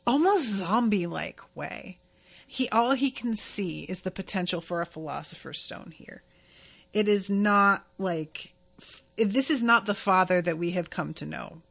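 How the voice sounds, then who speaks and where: Woman podcast host, mid-pitched, unhurried, casual and candid delivery. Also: gravelly, a bit bright. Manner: chatty, candid, swears casually. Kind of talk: casual episode recap.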